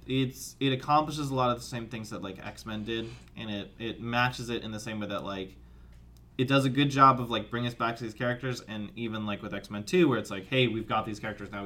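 A man hosting a casual movie podcast, chatty and full of halting restarts. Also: mid-range voice, steady tone, bright, forceful tone. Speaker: podcast host.

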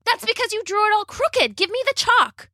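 A woman voicing a bossy, clever schoolgirl in a storybook reading, with a high, urgent voice. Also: big pitch swings, normal speed, bright, forceful tone, no room sound, clean studio sound. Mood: alarmed.

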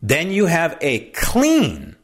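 Guy hosting his own commentary show, bit high voice, really animated, keeps wandering off on tangents. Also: slow, breathy edge. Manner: animated, asks rhetorical "right?" often; digresses into anecdotes. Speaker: host. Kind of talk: political commentary monologue.

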